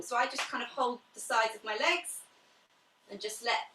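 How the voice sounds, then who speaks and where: A woman talks a class through slow stretches and breathing, her calm cues mixed with friendly asides. Her voice sits a little high. She is some way from the mic in a room with a noticeable echo. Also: recorded from a distance, noisy background. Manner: calm, chatty guidance with soft cues. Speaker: pilates instructor. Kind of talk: guided pilates class. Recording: echoey room, away from the mic.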